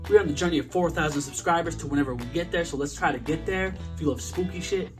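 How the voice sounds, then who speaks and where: A young man hosting a casual movie review vlog, slangy, energetic and profane. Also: fairly high pitch, fast, hardly any pauses, faint music behind. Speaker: host of a movie review channel.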